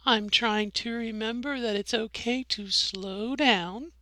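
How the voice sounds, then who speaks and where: Middle-aged woman rambling about her week, kinda high voice, slow, no room echo. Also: bright, forceful tone. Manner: rambling, self-correcting, demonstrating her own voice. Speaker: vlogger. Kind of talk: casual video diary.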